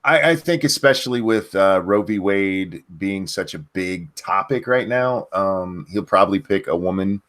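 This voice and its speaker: A man hosting a podcast, reading out news and bantering in a laid-back, halting way with lots of fillers. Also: sits low, fairly bright tone. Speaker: podcast host.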